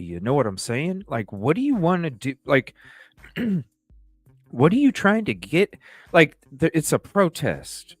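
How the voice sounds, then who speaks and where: A man hosting a livestream, telling stories in a rambling, profane, animated way. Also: a little high, no room sound. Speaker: livestream host. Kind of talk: casual livestream talk.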